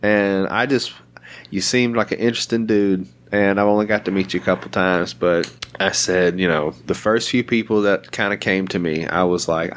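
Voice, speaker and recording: A low-voiced man hosts a relaxed podcast conversation. He talks bluntly, swears freely and laughs between thoughts. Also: moderate pace, a little hiss or hum. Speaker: podcast host. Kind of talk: casual chat.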